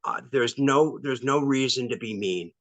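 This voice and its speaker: A male actor as interview guest, talking candidly and pausing often with ums. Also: mid-range voice, no echo, low-quality recording. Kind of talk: casual interview.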